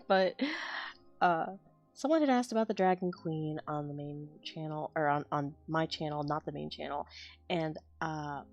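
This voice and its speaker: Brief: woman with a slightly low voice, chatting loosely with her viewers as she draws. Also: measured pace, a little mellow, muffled recording, faint music behind. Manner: rambling, self-deprecating, chats with viewers. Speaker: artist streaming her drawing. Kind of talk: casual chat while drawing.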